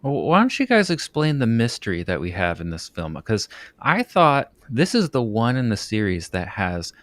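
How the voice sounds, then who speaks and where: A man co-hosting a podcast, speaking in a halting, hesitant way and asking questions of the others. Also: lowish voice, very animated, fairly bright tone. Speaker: podcast co-host. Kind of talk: casual podcast discussion.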